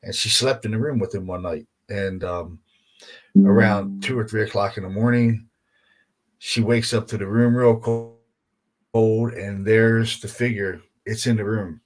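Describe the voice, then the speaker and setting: A man with a somewhat low voice speaks as a podcast guest. He talks casually and rambles through his story, swearing freely and leaning on "you know" and "man" as he goes. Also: fairly even intonation, unhurried. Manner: rambling, profanity-laced, heavy on fillers like "you know" and "man". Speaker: guest paranormal investigator.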